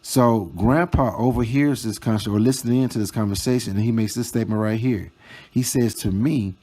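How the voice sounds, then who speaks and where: A man telling a storytime vlog, reading out chat screenshots in a slow, mocking, profane way. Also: lowish voice, warm tone. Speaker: storytime vlogger.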